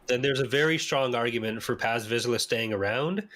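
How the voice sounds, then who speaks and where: A Canadian man hosts a laid-back podcast conversation, lively and laughing a lot, his voice leaping upward whenever he argues a point. His voice sits in the mid range and he talks at a moderate pace.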